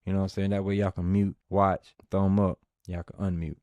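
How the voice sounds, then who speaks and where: A man giving a casual movie review, telling the story in a lively, slangy, profane way. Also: low voice, brisk, dry recording, muffled recording.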